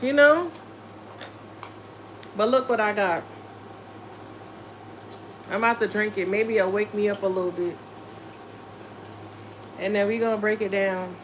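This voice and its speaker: A woman's voice: medium pitch, a little slow, pauses often, a bit bright, a little hiss or hum. A woman tarot reader chatting casually on a live stream, giddy and playful from lack of sleep, swearing freely. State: running on no sleep.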